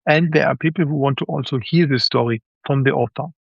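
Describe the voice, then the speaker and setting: A man's voice: medium pitch, fairly quick, gravelly, no echo, lo-fi sound. A man with a German accent, native German speaker, chatting as a guest author in an interview and acting out quoted reactions. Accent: German, with some Swiss. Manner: animated, acts out quoted reactions. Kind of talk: casual interview chat.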